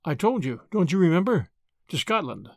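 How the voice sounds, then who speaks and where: A man reading the part of a grave, kindly older lawyer who speaks in a measured way. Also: a little high, very animated, no room sound, clean studio sound. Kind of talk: audiobook character reading.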